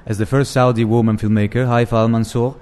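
A man doing a mock 1960s radio announcer voice, reading a formal award citation in a solemn, measured way. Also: mid-range voice, little pitch movement, a little mellow, clean tone, close to an everyday voice.

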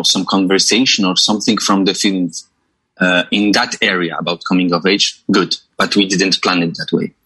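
A man's voice: deep voice, sharp tone, low-quality recording. A young Polish man, a film director, answering in English with a Polish accent, hesitant and full of uhs and repeated words.

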